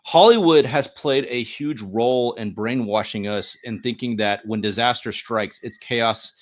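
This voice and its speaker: A man's voice: mid-range voice, unhurried. A man co-hosting a podcast, talking earnestly and emphatically in a casual political discussion, often repeating words as he thinks. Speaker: podcast co-host.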